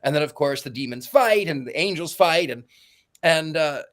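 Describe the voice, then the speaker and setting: Rambling man recapping a plot, slightly high. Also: expressive, normal speed, a bit bright. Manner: rambling, stumbles and repeats words. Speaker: podcast host.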